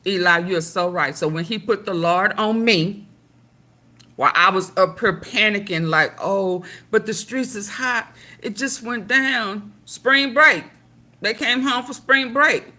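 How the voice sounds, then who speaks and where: A middle-aged woman talks through casual reaction commentary with a bright, forward voice at an ordinary middle pitch. She is emphatic and preachy and swears freely, leaning hard on her points. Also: a little slow. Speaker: commentary channel host.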